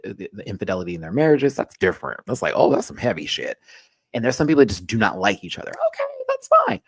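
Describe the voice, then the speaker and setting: A man's voice: fairly low pitch, no echo. A man hosting a casual pop culture rant show, chatty, sassy and profane, full of asides.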